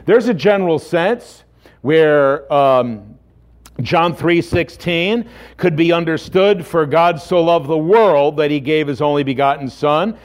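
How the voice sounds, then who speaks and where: A man delivers a sermon in an unhurried, measured way. His voice sits somewhat high for a man, and he leans on emphatic rhetorical questions. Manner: earnest preaching with rhetorical questions. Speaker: pastor.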